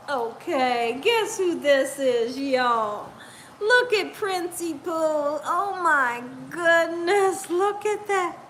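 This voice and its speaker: A woman's voice: high-pitched, fairly bright tone, a little hiss or hum. A woman hosting a casual live stream, laughing and teasing as she reads out viewer comments, speaking. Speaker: cooking channel host.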